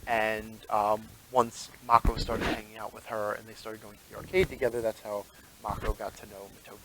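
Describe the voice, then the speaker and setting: A man's voice: on the low side, little pitch movement, brisk, background noise. A man serving as game master, narrating a tabletop game in a rambling, chatty way and laughing often.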